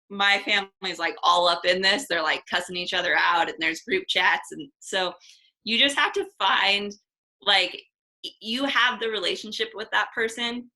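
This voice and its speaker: A young woman in her twenties speaks on a video call in a bright, ringing voice. She is blunt and chatty, with a casual swear word here and there, and she sounds relaxed and candid. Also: mid-range voice, rough recording. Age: 20s. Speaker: guest coach.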